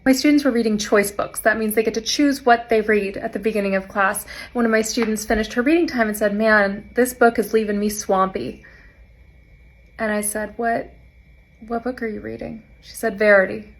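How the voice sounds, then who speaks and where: A young adult woman, a teacher, telling funny classroom anecdotes in a dry, deadpan way and quoting her students. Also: on the high side, moderate pace. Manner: deadpan, wry delivery with quoted student voices. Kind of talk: anecdotal storytelling.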